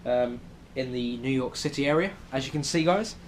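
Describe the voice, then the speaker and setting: A young British man vlogs casually from a New York City hotel room, rambling and chatty with plenty of ums. His voice is medium-pitched at a normal speed, with a faint hiss or hum in the recording.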